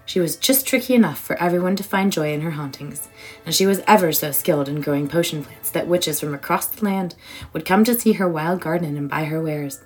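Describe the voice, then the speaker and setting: A woman reading a children's storybook aloud in an expressive, warm way. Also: sits low, fairly quick, poor audio. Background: soft music.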